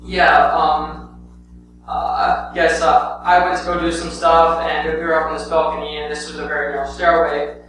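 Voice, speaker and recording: A young man gives his congregation a casual, rambling account of his church mission trip, leaning on "um" and "anyway". His voice is on the high side, a bit bright, flat and moderately paced, captured from afar in a very echoey sanctuary with a clear hum.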